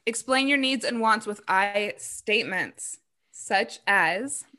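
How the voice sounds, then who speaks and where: A woman's voice: medium pitch, lively intonation, slow, pushed and bright. A woman co-hosting a podcast, frank and upbeat in casual chat. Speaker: podcast co-host.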